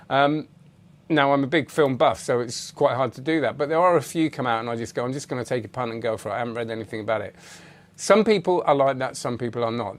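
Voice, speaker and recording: A middle-aged British man hosting a magic review channel, chatting casually and rambling while greeting viewers by name. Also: on the high side. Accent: British English. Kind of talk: casual live-stream chat.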